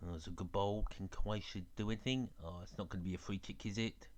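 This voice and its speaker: A man's voice: lowish voice, steady tone, fast talker. A man from England with a mixed London and Dublin accent, giving casual live-stream football commentary and chatting with viewers. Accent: mix of London and Dublin. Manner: chatty, reading viewer chat between plays.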